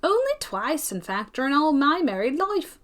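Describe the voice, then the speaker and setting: A woman's voice: high-pitched, very animated, voice pushed up. A woman doing a sweet-voiced Scottish lady. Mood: friendly. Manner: brisk, friendly.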